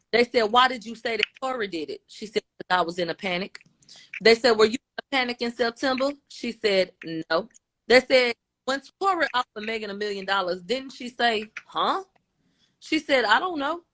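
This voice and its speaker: A woman's voice: mid-range voice, moderate pace, fairly bright tone. A woman on a phone livestream, casually retelling events and quoting each side back and forth. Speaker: livestream commentator. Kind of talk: casual recap of court testimony. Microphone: phone on a live video stream.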